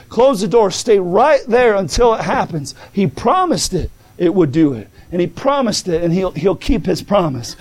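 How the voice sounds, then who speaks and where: Male preacher, high-pitched, fervent and stammering, climbs into shouts. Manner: stammering restarts. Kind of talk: sermon.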